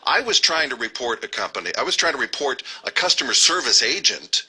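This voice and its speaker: A man hosting a radio interview, voicing opinions in a halting way with many restarts. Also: medium pitch, very animated, bright, forceful tone, husky. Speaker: radio host.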